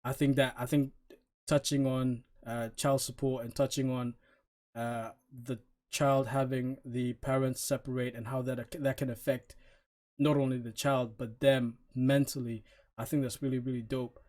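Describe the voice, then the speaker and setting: A man talks through an album track by track, blunt and dismissive. He speaks in a middle-pitched voice, casually, with frequent "uh"s and restarts. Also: level tone, moderate pace, darkish tone. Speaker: album reviewer. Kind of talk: casual opinionated review.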